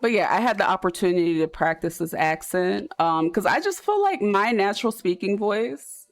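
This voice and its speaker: A woman's voice: mid-range voice, animated, normal speed. A woman with a South Jersey accent, chatting casually with her audience as a streamer, tired and rambling at the end of a late night. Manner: chatty, rambling and loose, with slang. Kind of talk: casual chat.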